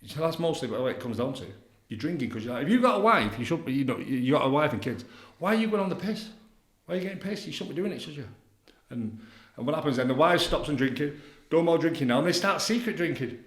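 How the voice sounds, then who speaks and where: A middle-aged man talks fast and bluntly in a casual podcast chat, tagging "isn't it?" onto his points. His voice sits a touch high for a man. The recording has a roomy echo. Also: expressive. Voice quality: blunt, repetitive, leans on tag questions. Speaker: addiction counsellor guest. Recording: roomy echoey room.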